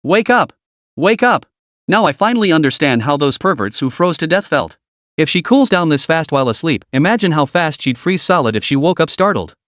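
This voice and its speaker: A man's voice: a little high, very animated, fairly quick, fairly bright tone, no echo, studio quality. A man voicing a cocky, crude young man who swears his way through trouble. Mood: frantic. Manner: blunt, swearing inner monologue.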